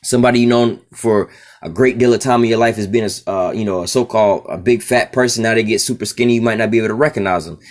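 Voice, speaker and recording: A man's voice: on the low side, quick pace. A man teaching from the Bible in a loose, casual way, often saying "you know" and "all right".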